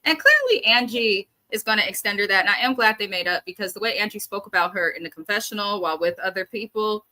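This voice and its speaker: A woman's voice: mid-range voice, lively intonation, fast, bright, forceful tone, poor audio. A woman co-hosting a casual reality TV recap, sharing earnest opinions. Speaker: podcast co-host.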